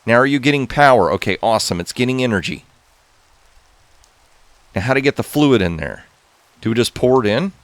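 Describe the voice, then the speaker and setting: A man hosting a gaming channel, giving excitable, casual commentary to viewers as he plays. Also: medium pitch, brisk, long pauses, dry recording. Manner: excitable, talks to viewers while playing.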